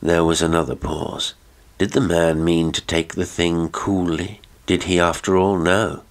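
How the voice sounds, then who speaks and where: A man narrates a classic horror tale in a grave, deliberate manner. His voice is extremely deep, and he lets each line fall slowly. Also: flat delivery. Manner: slow, grave and measured. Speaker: audiobook narrator.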